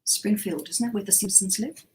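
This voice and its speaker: A woman's voice: medium pitch, fairly quick, mellow, husky. A woman with an Australian accent, co-hosting a casual chat show in a chatty, teasing way. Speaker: co-host.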